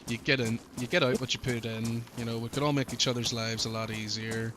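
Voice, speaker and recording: A man's voice: medium pitch, flat delivery, fairly quick. A man with an Irish accent, a streamer chatting casually, rambling with lots of fillers and swearing freely. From Ireland. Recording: noticeable background noise.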